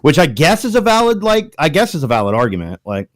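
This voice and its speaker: A man's voice: fairly high pitch, very animated, quick pace, no room sound, clean studio sound. A man chatting casually on a stream in a laid-back, profane, matter-of-fact way.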